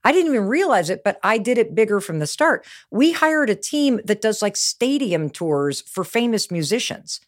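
A woman's voice: mid-range voice, big pitch swings, normal speed, hardly any pauses. A middle-aged woman giving a motivational talk, telling stories with energy and emphasis. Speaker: motivational speaker.

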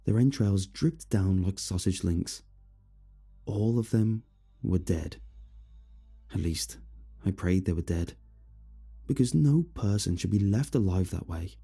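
Man, horror story narrator, deep voice, very dark and husky tone, steady and somber. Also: takes it slowly, long pauses, faint music behind.

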